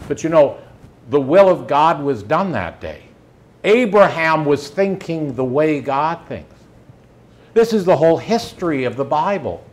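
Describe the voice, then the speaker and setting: Male preacher, slightly high voice, easy conversational sermon delivery. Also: sing-song, unhurried. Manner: conversational, pleading, voices scripture quotes.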